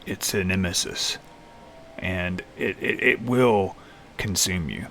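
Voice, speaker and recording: Slow, low-voiced man stumbling over words. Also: creaky, sharp tone, a little hiss or hum. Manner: halting, hesitant, many restarts and fillers. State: lethargic, tired. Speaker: vlogger in recovery. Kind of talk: unscripted personal vlog. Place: small room alone. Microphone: camera facing speaker.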